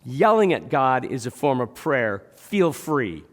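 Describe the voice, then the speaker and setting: A man's voice: mid-range voice, very animated, unhurried, long reverb tail. A man preaching a sermon in a church, talking conversationally and asking the congregation rhetorical questions. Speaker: pastor. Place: church sanctuary.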